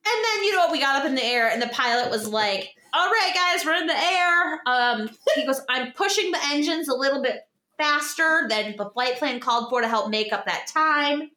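A woman in a casual chat, telling an animated story full of quoted voices and the odd swear word. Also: high voice, brisk, echoey room. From Denver area, United States.

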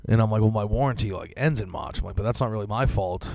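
A man's voice: lowish voice, fast, gravelly, few pauses, a little mellow, no room sound. A young man on a casual podcast, ranting through a profane story with lots of fillers. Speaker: podcast co-host.

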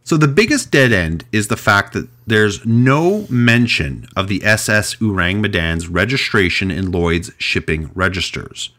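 A man hosting a podcast, telling a mystery story in a casual, chatty way with animated delivery and frequent restarts. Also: on the low side. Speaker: podcast host.

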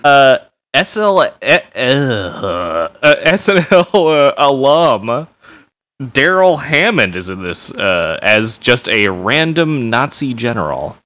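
Bright-voiced man in casual chat. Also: mid-range voice, sing-song, takes it slowly. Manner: laughs often, jokey, hesitant with many uhs. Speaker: podcast co-host.

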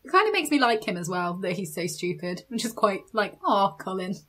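A woman's voice: medium pitch, very animated, brisk, sharp tone. A British woman chatting casually on a podcast, giving blunt opinions with a laugh. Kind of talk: casual chat.

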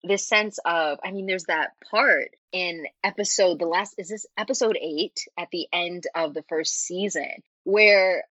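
A woman guest in a casual chat, talking in an animated way with frequent laughs and filler words. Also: lowish voice, a little slow, few pauses, dry recording. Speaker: interview guest, fanfiction writer. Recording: muffled lo-fi audio.

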